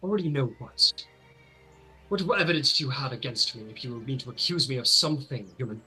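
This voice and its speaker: A man's voice: medium pitch, a little fast, bright, forceful tone, soft background music, rough recording. A man voicing a proud, defensive grieving villager who stammers in indignation.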